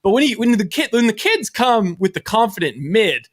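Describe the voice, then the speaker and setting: A man's voice: high voice, sing-song, moderate pace, no room sound. A man co-hosting a casual sports talk show, making wry, teasing remarks. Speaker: podcast co-host.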